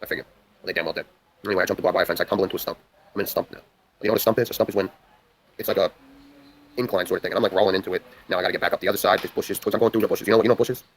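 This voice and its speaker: A young man races through a long story at a very fast clip, with a low voice that swings between loud outbursts and hushed asides. He swears constantly and rambles from one point to the next. A faint hiss of background noise sits under his voice. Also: fairly even intonation, rough recording. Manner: profane, rambling, intense. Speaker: livestream host.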